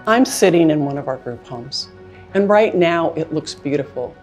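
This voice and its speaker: Deep-voiced woman, sincere testimony, soft music under. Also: expressive, moderate pace. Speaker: charity staff member. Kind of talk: interview testimony.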